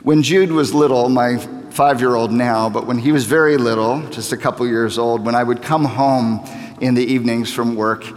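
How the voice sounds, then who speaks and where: A man's voice: medium pitch, steady tone, moderate pace. A man in his thirties preaching a sermon as a pastor, earnest and repeating key phrases for emphasis as he builds to fervor. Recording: long reverb of a large hall.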